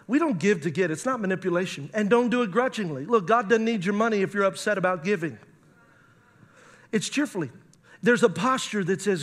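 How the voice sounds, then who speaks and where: A man's voice: high-pitched, lively intonation, fairly quick, a bit bright. A man, a pastor, preaching a sermon with emphatic rises and reading scripture aloud.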